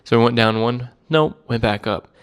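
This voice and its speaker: Laid-back young man, smooth clear voice. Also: medium pitch, normal speed. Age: 20s. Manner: rambling, laid-back, self-deprecating storytelling. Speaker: cigar vlogger. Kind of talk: casual chat to camera.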